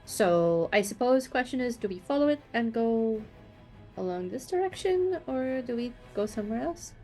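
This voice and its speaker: A woman's voice: fairly high pitch, expressive, moderate pace, darkish tone. A woman joking her way through a tabletop game session, playful and breaking into laughter often. Faint music plays behind the conversation. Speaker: player. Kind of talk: tabletop game play, casual chat.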